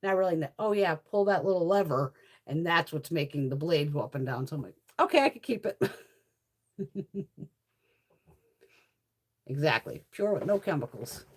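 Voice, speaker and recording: A woman's voice: sits low, moderate pace, pauses often. A middle-aged woman chatting casually on her vlog, telling stories with lots of swearing and laughter. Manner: swears freely, laughs often, animated storytelling. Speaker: beauty vlogger. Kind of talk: casual chit-chat.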